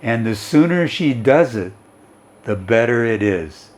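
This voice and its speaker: A man's voice: medium pitch, animated, close to an everyday voice. A man reading as a firm, loving mother. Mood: firm, tender. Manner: slow, firm, deliberate delivery.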